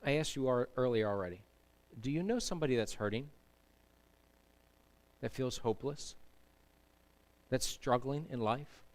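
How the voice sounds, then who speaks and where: A man's voice: medium pitch, lively intonation, normal speed, long pauses. A man preaching a sermon as pastor in a church, emphatic and asking the congregation to answer back. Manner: emphatic, asks the congregation to respond. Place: church sanctuary.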